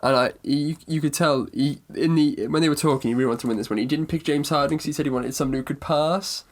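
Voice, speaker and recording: A man's voice: on the high side, fast. A man co-hosting a podcast, talking in a rambling, self-correcting, mock-serious way. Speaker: podcast co-host. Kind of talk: casual sports chat.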